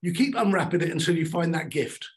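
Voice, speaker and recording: A middle-aged man giving a motivational talk on stage, emphatic and animated, repeating his key lines. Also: fairly high pitch, fast talker, rough recording. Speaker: keynote speaker.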